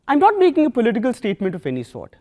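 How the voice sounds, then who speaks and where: A man in his twenties with a Pakistani accent, giving a prepared student talk in an earnest, measured way with deliberate pauses. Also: very high voice, huge pitch swings, mellow. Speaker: student speaker.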